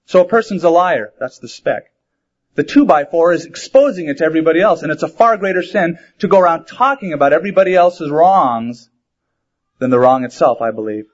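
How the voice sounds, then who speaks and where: A man's voice: a little high, lively intonation, a little fast. A man preaching a sermon in a conversational way, asking rhetorical questions and mixing in humor. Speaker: pastor. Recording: dull lo-fi sermon recording.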